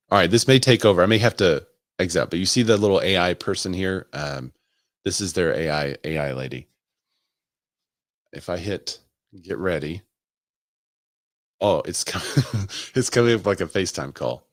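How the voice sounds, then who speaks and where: A man's voice: deep voice, normal speed, long pauses, no room sound, studio quality. A man who works as a real estate agent, hosting a casual live stream and thinking aloud as he asks viewers for their opinions.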